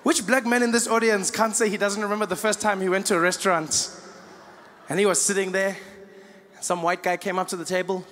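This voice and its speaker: A man's voice: high-pitched, fairly even intonation, a little fast, fairly bright tone, long reverb tail, a little hiss or hum. A male stand-up comedian telling a story with punchy asides to the audience.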